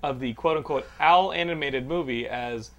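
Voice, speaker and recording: A man hosting a podcast, talking in a loose, excitable way and swearing freely. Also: medium pitch, normal speed. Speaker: podcast host. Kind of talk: casual chat. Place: Los Angeles.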